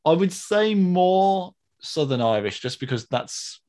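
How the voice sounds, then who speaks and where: A man's voice: high voice, animated, a little slow, a little mellow. A man with a Birmingham accent co-hosting a podcast, chatting casually and hesitantly with many ums. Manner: hesitant, lots of ums, laughs easily. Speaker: podcast co-host. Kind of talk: casual chat.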